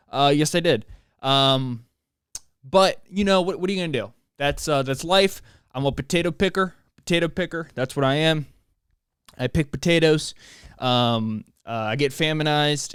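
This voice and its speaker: A man's voice: medium pitch, smooth, dry recording, clean studio sound. A young man hosting his own podcast, ranting alone in a joking, self-mocking way with many restarts. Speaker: podcast host. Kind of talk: solo rambling rant.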